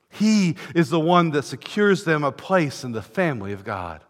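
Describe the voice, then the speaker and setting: A man preaching a sermon in a church, fervent, swelling from hushed passages to ringing declarations. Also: on the high side, big pitch swings, moderate pace, hardly any pauses. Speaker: pastor. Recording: long reverb of a large church hall.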